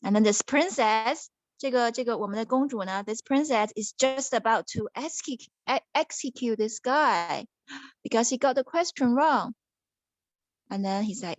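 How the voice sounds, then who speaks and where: A mother with a high, bright voice tells a story to her child at home, animated and playful, slipping into Mandarin between lines. The sound is close and dry, with no room around it. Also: moderate pace, dry recording.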